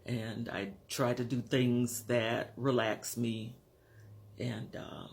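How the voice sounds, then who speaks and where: A man in his fifties or sixties speaking frankly to his camera at home in a personal vlog, measured and pausing to find his words. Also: mid-range voice, flat delivery, vocal fry. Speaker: vlogger. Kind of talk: candid personal vlog monologue.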